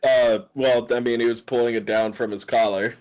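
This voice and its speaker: A man's voice: mid-range voice, fairly even intonation, moderate pace, darkish tone, soft background music. A man playing a tabletop game, talking hesitantly with many fillers. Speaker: player. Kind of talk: casual tabletop play.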